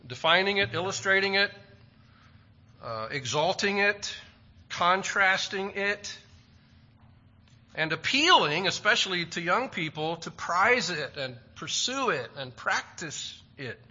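A man's voice: high voice, expressive, slow, sharp tone. A man preaching a sermon with a plain, lightly humorous manner. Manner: plain-spoken and lightly humorous, quoting stock sayings. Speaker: pastor. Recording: dull lo-fi recording.

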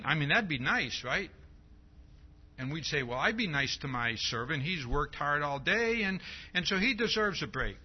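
Man, preacher, sermon, slow, emphatic, lively pitch, slightly high voice, dull lo-fi recording. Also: breathy edge. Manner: slow, emphatic, keeps asking "see?".

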